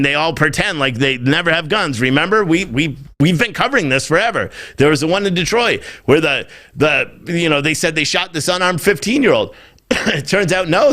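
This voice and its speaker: A man's voice: on the high side, fairly bright tone. A man hosting a podcast, ranting in heated, profane political commentary, openly irritated. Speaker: podcast host.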